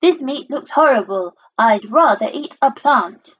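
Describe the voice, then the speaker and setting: A woman voicing a gentle, apologetic young male tyrannosaurus, in a raised, polite voice, on a dull lo-fi recording. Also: high-pitched, animated, a little slow, husky, voice pushed up, exaggerated voice.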